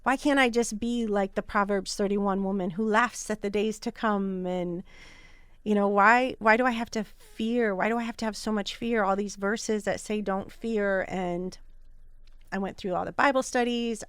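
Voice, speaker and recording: A woman's voice: medium pitch, clear, resonant tone, no room sound. Candid woman telling a personal story. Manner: candid, earnest and animated. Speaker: podcast host.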